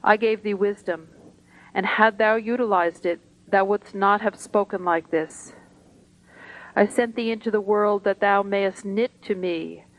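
A woman's voice: mid-range voice, fairly even intonation, close to an everyday voice, low-quality recording. A woman reading as the solemn voice of God. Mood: reproving. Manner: solemn, measured, archaic speech. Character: voice of God, grave and loving.

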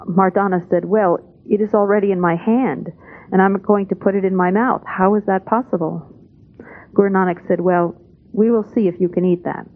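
A woman gives a steady spoken translation of a spiritual talk, calm and measured, her pitch in the ordinary middle range for a woman. The sound is thin and narrow, like an old tape heard over a phone line.

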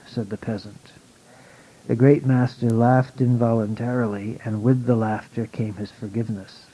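A man calmly reading a spiritual story aloud at a measured pace. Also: lowish voice, husky. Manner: calm, measured. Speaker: reader. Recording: dull lo-fi recording.

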